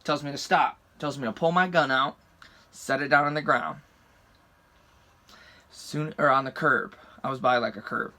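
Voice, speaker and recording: A man's voice: mid-range voice, moderate pace, pauses often, pushed and bright. A young man from the rural United States telling a story casually, heated and swearing constantly. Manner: profane, heated retelling.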